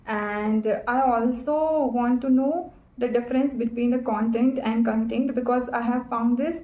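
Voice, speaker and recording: A woman's voice: a little high, steady tone, normal speed, mellow, reverberant, low-quality recording. A woman practicing English in a casual chat, talking carefully and hesitantly. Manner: careful, hesitant, many fillers.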